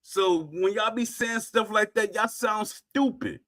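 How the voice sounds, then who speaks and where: A man's voice: high-pitched, slow, few pauses, a bit bright. A middle-aged man hosting a stream, ranting to his viewers in an emphatic, repetitive way and hammering his points home. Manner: emphatic, repetitive, punctuates claims with "Facts". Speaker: streamer host.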